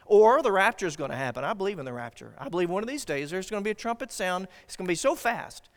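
A man preaching a sermon as pastor, swinging from loud declarations to hushed asides. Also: sits high, sing-song, quick pace, long reverb tail.

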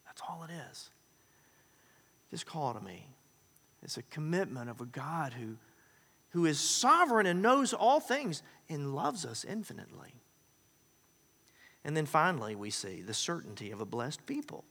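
A man preaching a sermon, folksy and joking, telling stories in an animated way. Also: fairly high pitch, normal speed, pauses often, husky, long reverb tail. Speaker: pastor.

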